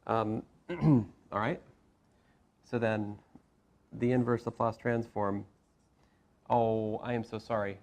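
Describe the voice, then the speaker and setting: A man lecturing as a math professor in a classroom, talking through each step with asides and quick self-corrections. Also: lowish voice, fairly even intonation, darkish tone. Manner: talks through steps with frequent asides and restarts.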